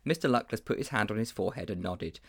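A man reading a children's novel aloud with measured, expressive narration. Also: fairly low pitch, slightly rough. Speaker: storybook reader.

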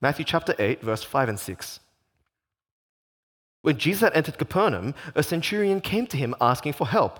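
A man's voice: fairly high pitch, very animated, normal speed, fairly bright tone, husky. A man preaching a sermon, repeating phrases for emphasis and posing rhetorical questions. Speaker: pastor.

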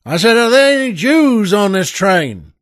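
A man voicing a tough, two-gun Texan gunslinger in a told joke, speaking slowly and demandingly. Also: high voice, sing-song, a little mellow, no room sound, studio quality. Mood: gruff.

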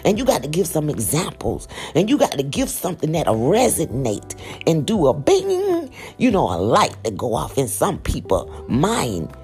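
A middle-aged woman with a raspy morning voice, preaching a sermon with passion, dropping to whispers and rising to cries. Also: sits low, huge pitch swings, normal speed, soft background music. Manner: impassioned preaching, swinging between hushed whispers and loud cries.

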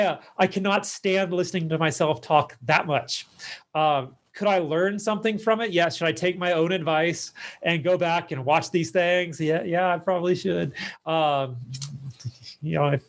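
A man hosting his own podcast as a speaking coach, giving casual advice in a chatty, self-deprecating way with joking asides. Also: high-pitched.

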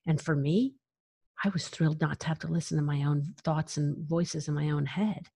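A woman speaks as an interview guest in a somewhat low voice, recounting her own life candidly. She talks frankly and with emphasis, laughing lightly between phrases. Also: fairly even intonation, normal speed, vocal fry, mellow, slightly rough. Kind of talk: candid personal storytelling.

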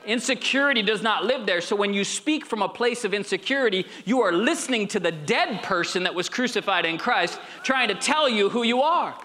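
A middle-aged man preaches a sermon in a bright, high voice. He drops low for storytelling, then rises to emphatic calls for amens. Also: expressive, brisk, few pauses. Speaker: pastor.

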